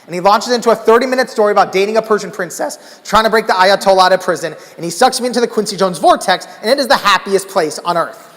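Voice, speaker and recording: A man from Los Angeles telling an animated story in a keynote talk, acting out the people in it. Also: high-pitched, fast. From Los Angeles, USA. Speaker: keynote speaker. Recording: echoey conference hall.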